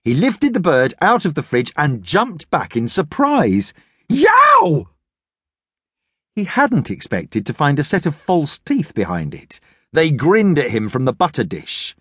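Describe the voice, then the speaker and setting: A male narrator tells a children's story with lively delivery. His voice sits slightly high and moves animatedly. The studio sound is dry and close. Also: unhurried, slightly rough, no echo. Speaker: audiobook narrator.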